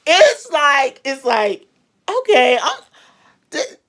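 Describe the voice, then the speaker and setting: A woman's voice: sits high, takes it slowly. A woman vlogger giving a casual, rambling movie recap with lots of fillers. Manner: rambling, animated retelling with many fillers.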